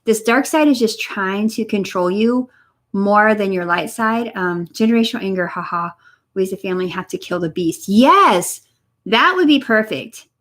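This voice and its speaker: A young woman giving a spiritual energy reading on a live stream, talking softly and encouragingly to viewers by name from a room at home. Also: mid-range voice, lively intonation, moderate pace. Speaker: energy reader. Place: home room next to her computer.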